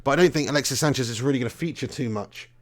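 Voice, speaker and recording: A man's voice: mid-range voice, rapid-fire. A young man, hosting a casual live stream, chatty and swearing freely, laughing often. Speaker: fan channel host.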